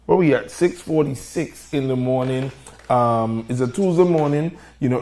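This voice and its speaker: A man's voice: mid-range voice, darkish tone. A man, hosting a live morning show and speaking directly to his listeners, loosely and with a few fillers.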